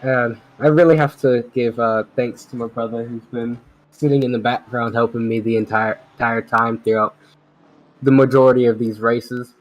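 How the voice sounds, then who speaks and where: A man's voice: mid-range voice, steady tone, normal speed, low-quality recording. A man who has just won a sim race, out of breath and hesitant as he talks about the win. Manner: breathless, overwhelmed, hesitant with fillers. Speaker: race winner guest.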